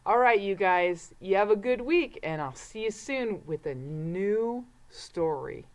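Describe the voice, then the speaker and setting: A woman's voice: medium pitch, lively intonation. A woman reading a rhyming picture book aloud to children, building suspense with whispers and bursting into cheers. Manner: slow, dramatic, suspenseful, swings to whispers and cheers. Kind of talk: storybook read-aloud for children.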